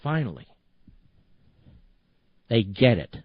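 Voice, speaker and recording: A man's voice: mid-range voice, big pitch swings, takes it slowly, slightly rough, dry recording, narrow, tinny audio. A man hosting a talk radio show, delivering an indignant, emphatic political monologue full of repetition.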